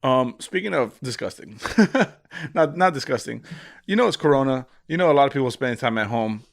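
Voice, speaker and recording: Lively young man cracking jokes. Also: mid-range voice, brisk, gravelly. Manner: joking, animated, sarcastic. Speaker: podcast co-host. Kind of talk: casual chat.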